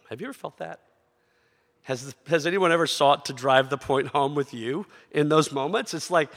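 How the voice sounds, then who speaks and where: A middle-aged male pastor delivers a sermon in a relaxed, conversational way, often pausing for rhetorical questions. His voice has a gravelly edge and sits at an ordinary pitch for a man. It rings out with the long reverb of a large hall.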